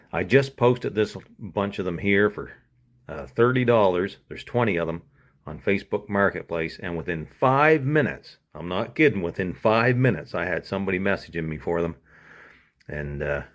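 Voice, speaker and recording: A man hosting a casual vlog, talking in a folksy, laid-back way with chuckles. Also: low voice. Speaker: host.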